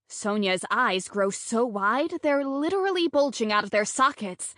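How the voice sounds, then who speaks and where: A woman narrating a first-person romantic comedy audiobook in a lively, comic, self-deprecating way. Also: on the high side, a little slow, few pauses, dry recording, studio quality.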